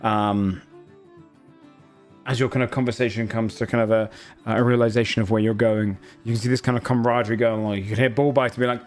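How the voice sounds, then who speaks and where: A man's voice: fairly low pitch, flat delivery, a little fast. Guy game master rambling through scene setup, lots of ums, faint music behind. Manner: loose, hesitant narration full of fillers. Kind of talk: narrating a tabletop game.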